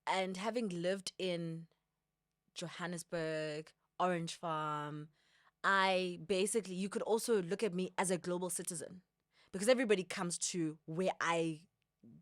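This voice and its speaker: Animated South African woman, dry sound. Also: on the low side, unhurried, no room sound. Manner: animated, emphatic, repeats phrases, laughs easily. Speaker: guest, TV presenter. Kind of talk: casual chat.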